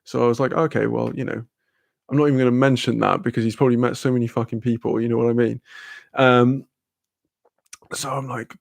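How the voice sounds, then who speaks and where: Sweary man with a gravelly voice. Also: mid-range voice, a little mellow, no echo. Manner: rambling, sweary, laughing, fillers. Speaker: streamer. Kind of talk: casual storytelling chat.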